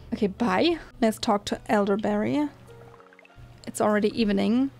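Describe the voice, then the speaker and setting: A woman's voice: medium pitch, moderate pace, creaky, a little mellow, faint music behind. A young woman hosting a gaming channel, giving chatty, amused commentary as she plays. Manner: chatty, amused asides with laughs. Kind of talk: casual gameplay commentary.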